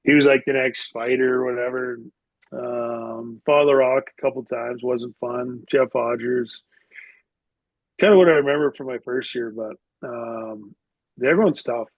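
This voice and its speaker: A man's voice: medium pitch, steady tone, unhurried, vocal fry, dry recording. Man telling rambling stories, dry dull audio. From Canada. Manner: rambling anecdotes full of "like" fillers. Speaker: podcast guest, former hockey player. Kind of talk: casual storytelling.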